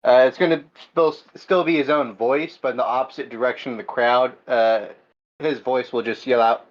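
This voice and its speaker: A man's voice: medium pitch, fairly even intonation, moderate pace, highs cut off. A man playing in a tabletop game, hesitant and stammering in casual talk. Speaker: player.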